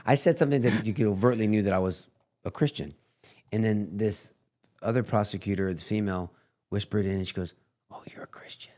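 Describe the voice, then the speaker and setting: A man's voice: lowish voice, fairly quick, mellow. A man hosting a podcast, telling stories bluntly in casual chat and trailing off with fillers as he recalls details. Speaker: podcast host, former district attorney.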